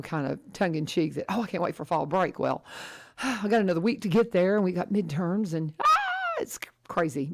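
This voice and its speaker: A woman's voice: fairly low pitch, gravelly. A woman hosting a local radio show, chatting casually with many restarts and asides. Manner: chatty, rambling, warm-hearted with frequent restarts. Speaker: radio host. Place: radio studio. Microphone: studio microphone.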